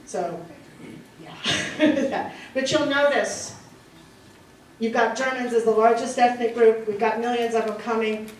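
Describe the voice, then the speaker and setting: High-voiced woman lecturing in an echoey room. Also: slow pace, distant mic, slight background noise. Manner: lively, asks the class questions and laughs often. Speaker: history lecturer. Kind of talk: classroom lecture.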